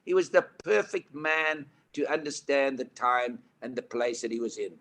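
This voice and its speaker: A man in his eighties with a South African accent, telling stories as a guest, lively and emphatic. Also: medium pitch, normal speed. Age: 80s. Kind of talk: animated storytelling.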